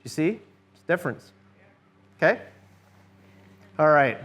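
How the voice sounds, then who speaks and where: A middle-aged man presents a conversational church workshop lecture as a seminar presenter, often putting questions to the audience. His fairly high voice is a bit bright, lively in intonation and a little slow.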